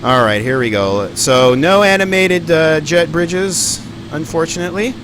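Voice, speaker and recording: A man's voice: on the high side, measured pace, noisy background. A man giving live stream commentary on a flight simulator, rambling and thinking aloud with plenty of ums and uhs.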